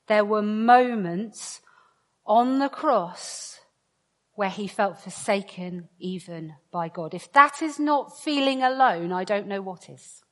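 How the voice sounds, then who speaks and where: A woman's voice: mid-range voice, a bit bright. Woman preaching in a reverberant hall. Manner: playful and joking with the crowd, then slow and emphatic. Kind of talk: interactive sermon to a congregation.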